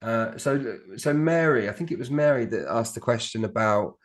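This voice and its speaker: A man's voice: medium pitch, lively intonation, normal speed. A man co-hosting an online business course, talking things through in a conversational way with a few hesitant restarts. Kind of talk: online teaching discussion.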